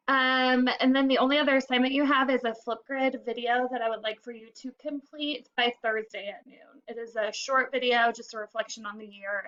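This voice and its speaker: A woman teacher records a goodbye message for her class from home during remote teaching. Her voice sits fairly high, and she speaks earnestly and directly to her students. The sound is dull and lo-fi, dry with no room echo. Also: a bit bright. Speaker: high school English teacher.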